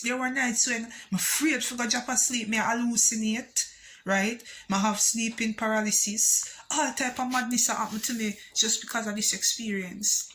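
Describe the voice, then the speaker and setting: A woman with a Jamaican accent telling a personal story for her vlog, switching between patois and English with animated emphasis. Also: a little high, normal speed, slight background noise. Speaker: vlogger.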